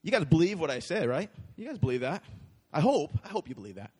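A man preaches to a congregation in a relaxed, conversational way, often checking in with his listeners. His voice sits a little high for a man. A long reverb from a large church hall hangs behind every phrase. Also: fast talker, husky. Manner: conversational, checks in with the crowd with frequent "right?". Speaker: pastor. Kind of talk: sermon.

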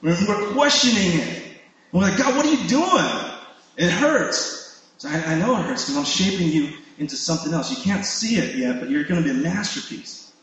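A man's voice: on the high side, lively intonation, fairly quick, fairly bright tone. Conversational preaching man in echoey hall. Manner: conversational, asks "right?" often, repeats words. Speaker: pastor. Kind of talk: sermon.

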